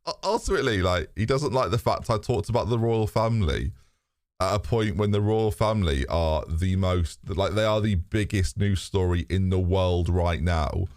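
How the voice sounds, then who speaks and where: A man's voice: low voice, moderate pace, a little mellow, dry recording, studio quality. A British man hosting a live stream, chatting candidly to his viewers in a rambling way, swearing freely and laughing often. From Britain. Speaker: streamer and host. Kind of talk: casual live-stream chat.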